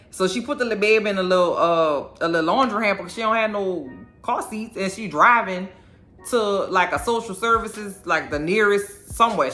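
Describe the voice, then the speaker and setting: Woman, bright sharp voice, sassy animated TV recap, casual, faint music. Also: medium pitch. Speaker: show recapper.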